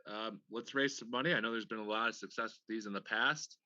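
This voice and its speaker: Brief: male podcast host, casual ribbing, frequent laughs, crisp tense tone, lo-fi call audio. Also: fairly low pitch, steady tone, fast talker, pushed and bright, dry recording. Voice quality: laughs often, teasing. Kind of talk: casual chat. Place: home room, remote video call.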